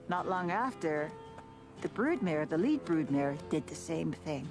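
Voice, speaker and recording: A woman's voice: low-pitched, very animated, measured pace. A woman telling a personal story, acting out the voices of the people she quotes. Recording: music bed under the voice.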